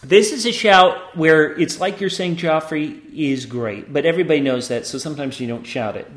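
High-voiced jokey male podcast host. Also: moderate pace, few pauses, fairly bright tone. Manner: jokey, reads listener reviews aloud. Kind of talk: casual comedic podcast banter. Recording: roomy echo.

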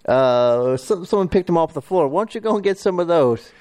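A man speaks as a folksy talk show host in a comedy sketch, stammering and repeating himself. His voice sits a little high, with a faint hiss behind it. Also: lively intonation, fairly quick, a little mellow, rough recording.

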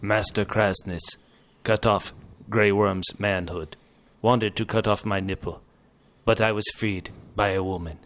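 Guy doing a low-voiced deadpan soldier, broken english, third person talk. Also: a little slow. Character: blunt castrated male soldier, broken English.

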